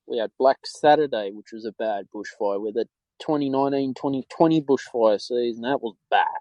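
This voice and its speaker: A man's voice: medium pitch, fairly quick, dark tone, no room sound, muffled recording. An Australian man hosting a podcast alone, rambling in frustration and repeating himself. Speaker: podcast host. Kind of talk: solo opinion talk.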